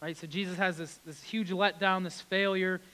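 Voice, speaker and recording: A man preaching a sermon, repeating key words for emphasis and swinging between loud, raised passages and hushed, quiet ones. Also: sits high, fairly even intonation, normal speed, low-quality recording.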